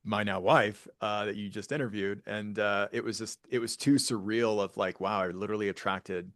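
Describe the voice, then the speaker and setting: A male podcast guest recounts a personal story with upbeat earnestness. His voice sits fairly low. The recording is dry and close, with no room sound. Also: steady tone, normal speed, a bit bright, dry recording. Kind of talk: casual conversation.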